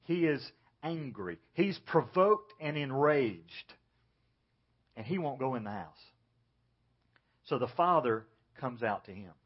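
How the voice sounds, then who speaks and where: Husky pastor preaching a dramatic sermon. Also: male voice, mid-range voice, very animated, takes it slowly, pauses often. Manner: dramatic, acts out the characters' lines. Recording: dull, lo-fi church recording.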